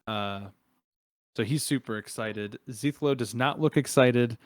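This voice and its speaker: A young adult man narrating as game master of a tabletop game, relaxed and chuckling, with frequent filler words. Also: medium pitch, unhurried, dry recording.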